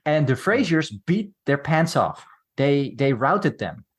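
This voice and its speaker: A man's voice: fairly high pitch, big pitch swings, slow pace, husky. A man co-hosting a film podcast, chatting casually and telling rambling stories with wry, jokey asides. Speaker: podcast co-host.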